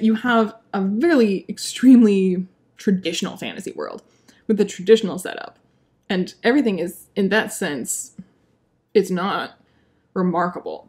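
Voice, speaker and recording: A young woman giving a casual, exasperated book review, animated, laughing often and saying "like" a lot. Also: medium pitch.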